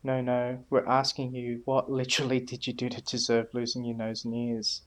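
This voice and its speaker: A man's voice: mid-range voice, completely flat delivery, normal speed. A man casually commenting on a video game as he plays, reading dialogue choices aloud in a laid-back way. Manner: reads dialogue options aloud, laid-back, laughs easily. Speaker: gameplay commentator.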